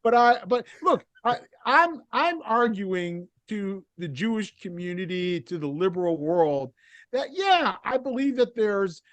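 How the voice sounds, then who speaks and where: A man's voice: high voice, big pitch swings, measured pace, fairly bright tone, no room sound, muffled recording. A middle-aged man speaking as a podcast guest, explaining his views earnestly with frequent restarts. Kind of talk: casual interview conversation.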